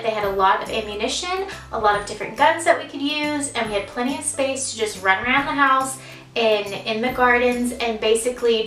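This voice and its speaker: A woman in her twenties chats through a casual vlog story in a bright, slightly high voice, giggly and self-deprecating, with plenty of fillers. She sits back from the mic in an echoey room. Light music plays faintly underneath. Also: far from the mic. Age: 20s. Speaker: vlogger.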